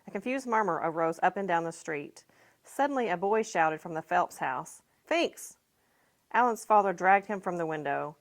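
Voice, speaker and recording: A woman reading a children's chapter book aloud in a lively storytelling manner. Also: fairly low pitch, moderate pace. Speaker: mayor reading to schoolchildren.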